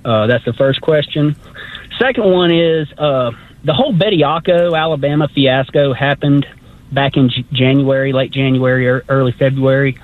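A man's voice: medium pitch, normal speed. A male caller on a radio show who talks politely and rambles, with many fillers. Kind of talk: radio call-in chat. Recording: tinny phone line.

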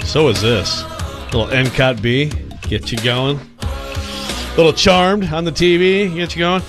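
A man's voice: fairly high pitch, steady tone, unhurried, over music. A man co-hosting sports radio in casual banter, rambling and joking, often cutting himself off mid-sentence. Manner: rambling, self-interrupting, joking.

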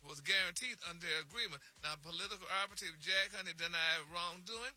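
A man's voice: high voice, fast, pushed and bright. A man reading celebrity gossip on morning radio, flamboyant, peppering every phrase with "y'all" and "honey.". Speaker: radio show co-host doing celebrity news.

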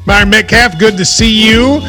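Bright-voiced sports radio host. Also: male voice, sits high, normal speed, soft background music. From Kentucky. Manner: joking, teasing. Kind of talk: casual sports talk.

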